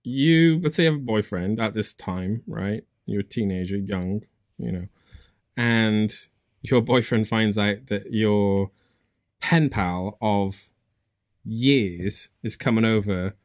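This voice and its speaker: A man's voice: on the low side, slow pace, dry recording. Joking man with a dry close voice. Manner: joking, self-deprecating. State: sick with a cough. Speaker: podcast co-host. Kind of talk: casual chat.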